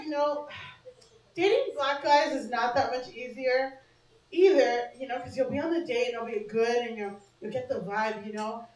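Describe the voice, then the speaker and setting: A woman's voice: fairly high pitch, darkish tone, distant mic. A woman doing stand-up comedy in a small bar, talking brashly and conversationally and laughing at her own jokes. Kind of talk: stand-up set. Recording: echoey bar room with laughing crowd. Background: audience laughter.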